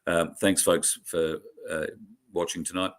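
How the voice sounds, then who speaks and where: A man hosts a show and thanks his viewers in a sincere, emotional way, halting often with fillers and restarts. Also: low-pitched, little pitch movement. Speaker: host. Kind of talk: heartfelt sign-off to viewers.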